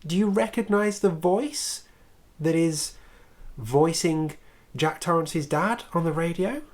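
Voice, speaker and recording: A man's voice: on the high side, takes it slowly, background noise. A man hosting a casual film review video, chatty and opinionated, with sarcastic swearing asides.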